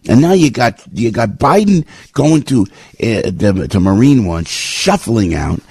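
A man's voice: on the low side, sing-song, unhurried, gravelly, darkish tone, husky, no room sound. A man hosting a talk radio show, speaking in a fired-up, indignant and rambling way from a radio studio.

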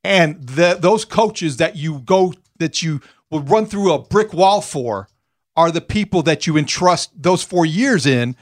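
Give me an emphatic male sports talk host with a slightly high voice. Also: animated, measured pace. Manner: earnest, emphatic, laughs easily. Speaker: sports radio host, former college football player. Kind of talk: sports talk show banter.

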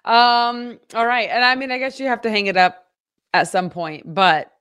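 A woman's voice: fairly high pitch, fairly even intonation, moderate pace, fairly bright tone, clean tone. Chatty woman reading local news. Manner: chatty, upbeat, reads stories then riffs. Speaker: local news podcast co-host. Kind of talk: casual news chat and reading headlines.

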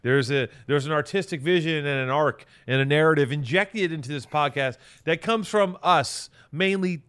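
Smooth-voiced man ranting on a podcast. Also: fairly high pitch, moderate pace, fairly bright tone. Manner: profane, combative, ranting. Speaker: podcast co-host. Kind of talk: casual banter.

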